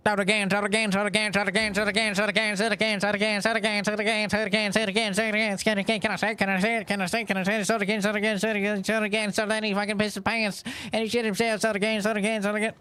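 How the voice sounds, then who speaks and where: A man doing a shrill squeaky chipmunk-like shouter. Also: flat delivery, very fast, few pauses, smooth, no room sound. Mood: chanting loudly. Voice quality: high squeaky chant.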